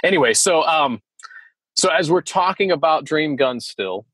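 A man co-hosting a podcast in casual chat, animated and laughing often. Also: on the high side, normal speed, breathy edge, no room sound, low-quality recording. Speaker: podcast co-host.

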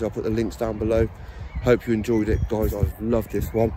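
An English man narrating his urban exploring vlog with excitable, sweary commentary to viewers, filmed on a handheld camera in an abandoned house and its grounds. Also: on the low side, moderate pace, slight background noise.

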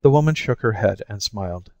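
A man narrating a classic short story as an audiobook, in a measured storytelling manner. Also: lowish voice, expressive, a little mellow, no room sound, in a large hall, dull audio. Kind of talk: scripted narration.

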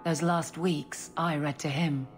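An actress voicing a grieving woman guard captain who speaks in a quiet, restrained, plainspoken way. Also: deep voice, steady tone, unhurried, faint music behind. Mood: somber.

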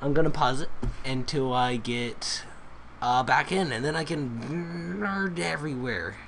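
Excitable gamer guy, bright voice, unhurried talk, faint hiss behind, casual gameplay vlog. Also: mid-range voice. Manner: excitable, exclaims often and swears freely. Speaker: gamer recording his play. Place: at home at his computer.

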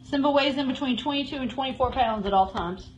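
A woman's voice: sits high, fast, muffled recording, slight background noise. A woman giving a live tour of a cat shelter, cooing and baby-talking to the cats as she goes. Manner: coos and baby-talks to cats.

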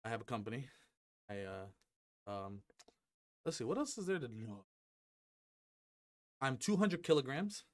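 Young dude rambling to his viewers, really animated voice, cracks jokes and swears, headset mic at home. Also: mid-range voice, unhurried, long pauses. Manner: rambling, joking, swears freely, many fillers. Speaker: gaming YouTuber. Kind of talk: casual rambling vlog to camera.

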